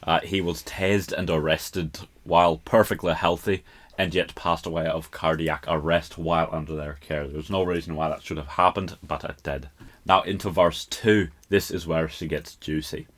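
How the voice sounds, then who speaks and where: A Scottish man with a very low, deep voice hosts a casual podcast. He picks apart a song in a loose, chatty way and keeps breaking off to laugh at how his accent comes out. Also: steady tone, moderate pace, a bit bright. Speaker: podcast host.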